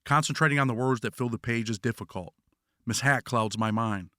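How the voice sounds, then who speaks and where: A man narrates his memoir in a somber, measured way, at a mid-range pitch for a man. The recording is dry and close, with no room sound. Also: pushed and bright, no echo. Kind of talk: scripted first-person memoir narration.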